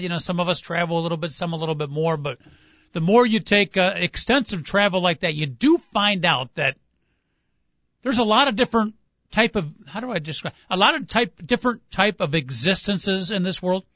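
A man's voice: high voice, expressive, brisk, fairly bright tone, no echo, dull audio. A man hosting a sports radio show, talking in a folksy, musing way and plugging the call-in line. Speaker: radio host. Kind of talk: casual sports radio banter.

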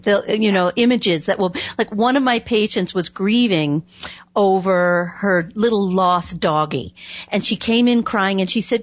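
A woman hosting a conversational interview, an animated storyteller who laughs often. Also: mid-range voice, dry recording, highs cut off. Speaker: host.

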